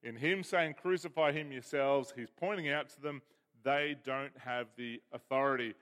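A man's voice: medium pitch, moderate pace, fairly bright tone. Man preaching in a reverberant hall. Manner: explanatory, emphatic, reads scripture aloud. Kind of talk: sermon.

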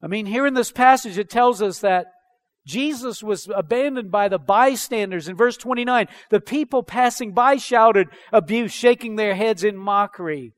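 A man's voice: high voice, normal speed. A man preaching a sermon as pastor, reading scripture aloud and then explaining it with emphatic questions.

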